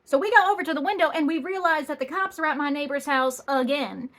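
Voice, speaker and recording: A woman's voice: high voice, fast, fairly bright tone. A young adult woman telling a funny story with sassy punchlines and exaggerated asides. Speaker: comedian. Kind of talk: comedic storytelling.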